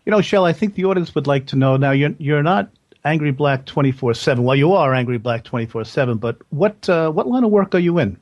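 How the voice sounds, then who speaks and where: A man's voice: a little high, lively intonation, a little fast, a little mellow, muffled recording. Man hosting a casual interview. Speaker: podcast host.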